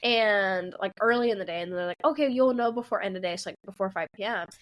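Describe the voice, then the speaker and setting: A woman in her twenties co-hosting a podcast, telling a story in a casual, animated way, often laughing and acting out the people in it. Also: medium pitch, fast talker. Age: 20s. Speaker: podcast co-host.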